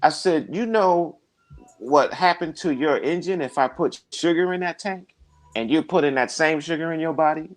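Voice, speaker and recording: A man's voice: fairly high pitch, moderate pace. A man talking casually, preaching and telling stories, and acting out the people he quotes. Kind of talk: casual conversation, storytelling.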